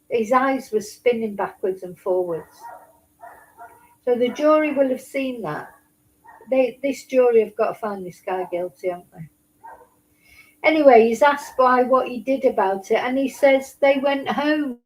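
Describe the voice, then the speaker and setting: A woman's voice: fairly high pitch, rough recording. A woman giving blunt, indignant casual commentary on a trial report, swearing now and then. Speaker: true crime commentator.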